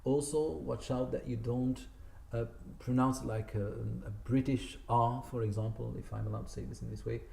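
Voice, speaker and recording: His voice is mid-range, steady and creaky with a dark tone, at a moderate pace. In a spoken lesson recorded in an echoey community centre room, he teaches Quran recitation, patiently fixing frequent errors and stretching out the demonstrated words.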